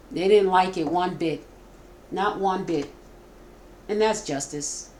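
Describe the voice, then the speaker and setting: Middle-aged woman as tarot reader, casual and stumbling, a little noise behind her. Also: mid-range voice. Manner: warm, repetitive, stumbling, emotional. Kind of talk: casual spoken tarot reading.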